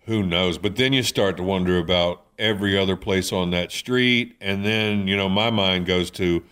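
Animated man with a low voice. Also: moderate pace, smooth. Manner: animated storyteller, folksy and joking. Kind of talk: casual chat.

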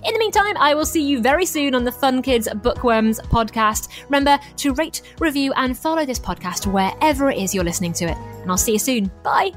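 A woman's voice: sits high, animated, brisk, few pauses, faint music behind. A woman hosting a children's podcast, upbeat and chatty as she signs off. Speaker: podcast host. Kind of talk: show sign-off.

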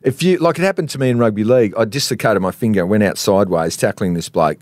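A man's voice: lowish voice, fast talker, darkish tone, no room sound, clean studio sound. A middle-aged Australian man co-hosting a sports podcast, talking in a jokey, teasing, rambling way in casual banter.

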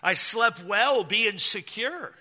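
A man in his thirties preaches with a very bright, ringing tone and a slightly high voice. He tells his stories casually, with jokes and frequent restarts. His voice carries through a long, echoing church hall. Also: expressive, takes it slowly, soft background music. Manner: conversational storytelling with humor and repeated restarts. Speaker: pastor. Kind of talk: sermon. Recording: echoey hall with long reverb.

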